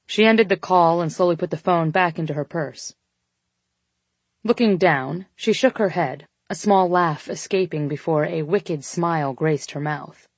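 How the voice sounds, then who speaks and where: Woman, audiobook narrator, lower register, dry close-mic sound, intimate and expressive. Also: moderate pace, dry recording. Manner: intimate, expressive, with voiced dialogue. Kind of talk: scripted first-person romance narration.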